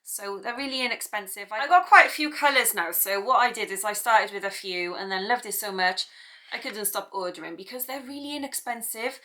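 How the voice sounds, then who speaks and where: A chatty British woman hosts an art tutorial in a casual, rambling way, often laughing at herself as she goes. Her voice is bright and forward. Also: mid-range voice, fairly quick. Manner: chatty, self-deprecating, rambling asides. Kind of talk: casual chat to camera.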